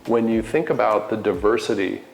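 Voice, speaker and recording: An earnest, enthusiastic man speaking as an interview guest, with a somewhat low voice. He talks in a casual, conversational way. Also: moderate pace, vocal fry, soft background music, poor audio. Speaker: TV network CEO, interview guest.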